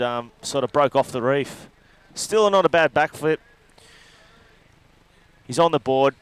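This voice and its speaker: Clear-voiced surf commentator. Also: male voice, medium pitch, a bit bright. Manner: loose, rambling analysis with fillers. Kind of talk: live sports commentary.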